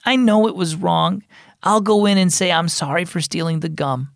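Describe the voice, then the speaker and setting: Remorseful little girl, earnest and soft, voice pitched up high, storybook telling, as a guy puts her on. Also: moderate pace, gravelly, no room sound, studio quality. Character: remorseful young girl caught stealing.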